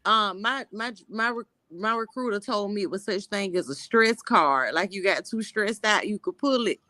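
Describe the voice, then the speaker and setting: A woman's voice: mid-range voice, moderate pace, bright, forceful tone, no room sound. A woman from Florida chatting casually on a live stream, blunt and joking in a laid-back way.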